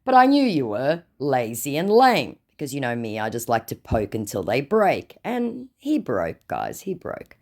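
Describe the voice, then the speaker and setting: Lively, sarcastic woman telling a story. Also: rumbling low, unhurried, hardly any pauses. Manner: sarcastic and mocking. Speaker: vlogger recounting scam chats. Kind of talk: storytime narration reading out chat messages.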